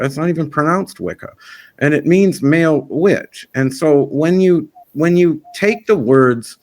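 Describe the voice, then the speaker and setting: A man's voice: fairly high pitch, animated, moderate pace. Frank, rambling man chatting. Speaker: festival organizer. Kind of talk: casual interview chat.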